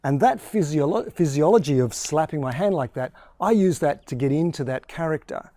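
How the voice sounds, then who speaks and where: Dark-toned male sales trainer, dry sound. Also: a little high, lively intonation, normal speed, dry recording. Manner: demonstrates tones of voice as he talks. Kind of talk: explaining a training course.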